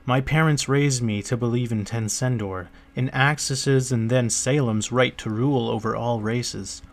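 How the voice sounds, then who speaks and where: A man's voice: mid-range voice, fairly even intonation, lightly acted. A man reading a guarded, careful prince. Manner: measured, careful. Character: guarded young male prince weighing his claim. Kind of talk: audiobook character reading.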